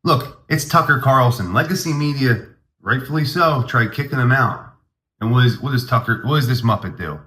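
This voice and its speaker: A man's voice: mid-range voice, animated, normal speed, a bit bright, reverberant. A man hosting a comedy podcast, rambling through a mock-grandiose, hyped monologue.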